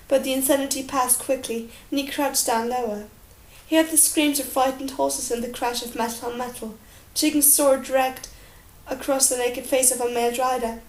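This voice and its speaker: A woman narrating an audiobook in a steady, expressive storytelling manner. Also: high-pitched. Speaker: audiobook reader. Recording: roomy echo.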